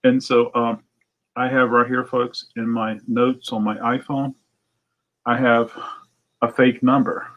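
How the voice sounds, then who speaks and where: A man's voice: takes it slowly, pauses often, narrow, tinny audio. Chatty man telling a prank-call story. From United States. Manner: chatty storyteller, acts out phone calls with high excited voices. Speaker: record store owner hosting a morning show. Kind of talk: casual chat to viewers.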